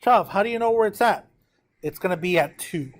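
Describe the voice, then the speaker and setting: At a fairly quick pace, a man with a slightly high voice for a man teaches his students math. He goes through a graph step by step, counts numbers aloud, and keeps asking whether the class is following.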